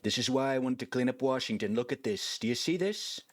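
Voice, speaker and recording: A man's voice: mid-range voice, expressive, a little fast, dry recording, studio quality, pitched above the performer's own voice, natural voice. A man putting on an impression of a brash, bragging older politician with boastful, repetitive "okay?" tags while playing a video game. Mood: indignant.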